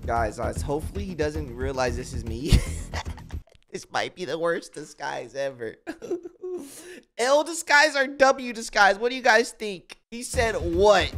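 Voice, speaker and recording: A woman gaming YouTuber giving excited roleplay commentary, exclaiming and acting out chat lines. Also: on the low side, measured pace, faint music behind. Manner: animated, exclaiming, reads out and acts chat lines in a dramatic voice.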